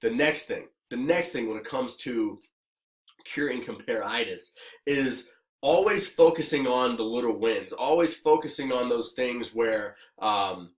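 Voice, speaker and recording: A man who works as a business coach, giving an energetic motivational talk to the camera and checking in with "okay?" again and again. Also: mid-range voice, measured pace, roomy sound. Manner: energetic, repetitive, keeps asking "okay?".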